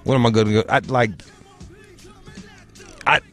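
A man's voice: mid-range voice, fairly even intonation, normal speed, faint music behind. A man from Michigan hosting a podcast, telling stories in rambling, profane casual banter. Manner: rambling, profane, restarts a lot. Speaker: podcast host.

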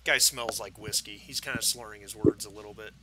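A man narrating a tabletop game as game master, halting with fillers and restarts. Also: lowish voice, fairly even intonation, heavy background noise.

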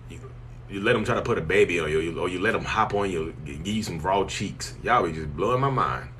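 A man's voice: low-pitched, fast talker, a bit bright, slight background noise. A man hosting a casual live stream, answering viewers bluntly and joking with them. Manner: blunt, joking, teasing, colloquial, talks straight to viewers as "y'all".

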